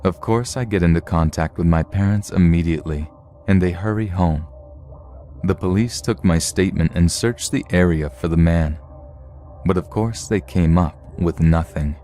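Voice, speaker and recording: A man narrating true horror stories in a steady, measured storytelling read. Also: low-pitched, a little hiss or hum.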